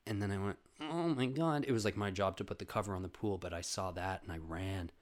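A young man with a fairly low voice tells a casual story on his podcast and swears freely. He swings from loud, excited bursts down to low, muttered asides. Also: fast. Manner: profane, animated storytelling with sudden loud bursts and quiet asides. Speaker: podcast host.

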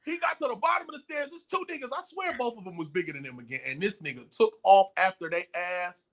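High-pitched excitable man telling stories. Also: fast. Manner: excitable and profane, acts out voices in his stories. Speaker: podcast guest. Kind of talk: animated storytelling in casual chat.

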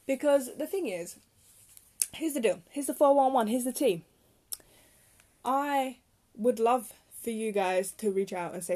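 A woman's voice: on the high side, animated, measured pace, pauses often, warm tone. A young woman hosting her own podcast from her bedroom, chatting casually in a rambling, self-deprecating way. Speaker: podcast host. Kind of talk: casual solo podcast chat.

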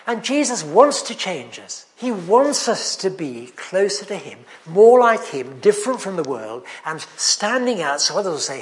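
A man preaches in a chatty, storytelling way, dropping in wry jokes at his own expense. His voice sits high for a man and swings widely in pitch as he talks. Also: big pitch swings, normal speed, few pauses. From England. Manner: chatty, anecdotal, self-deprecating humour. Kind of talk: sermon.

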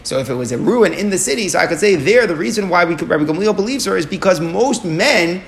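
A man's voice: high voice, animated, quick pace, creaky, a little hiss or hum. A man teaching a Talmud lesson, explaining step by step and asking and answering his own questions, with Aramaic and Hebrew terms mixed in.

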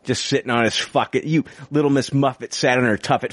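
A man's voice: medium pitch, fairly even intonation, brisk, a bit bright, no room sound, studio quality. A man co-hosting a podcast, ranting with heavy swearing and mocking voices in casual chat. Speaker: podcast co-host.

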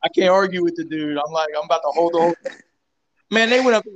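A man in his forties, a strength coach, telling rowdy gym stories full of swearing and restarts. His voice sits a little high for a man as he rambles on and leans into each punchline. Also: fast talker, muffled recording, noisy background. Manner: profane, rambling, animated storyteller. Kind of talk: casual storytelling interview.

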